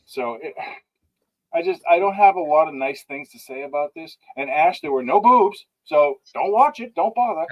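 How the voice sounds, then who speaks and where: A man's voice: on the high side, animated, moderate pace, lo-fi sound. A man co-hosting a podcast, ranting in an exasperated, casual way about a bad movie. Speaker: podcast co-host. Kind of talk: casual movie review chat.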